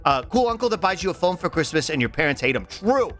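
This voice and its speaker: Halting, giggly man streamer. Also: fairly high pitch, very animated, a bit bright, soft background music. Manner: halting, with many repeated words and restarts; affectionate and giggly. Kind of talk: casual livestream chat reading chat.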